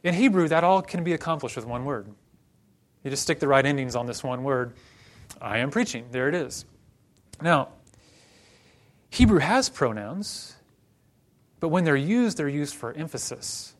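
A man's voice: a little high, animated, normal speed, long pauses. A man from Oklahoma preaching a sermon in a conversational, teaching way with joking asides.

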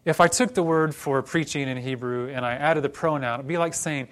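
A man's voice: a little high, fairly quick. A man from Oklahoma preaching a sermon in a conversational, teaching way with joking asides.

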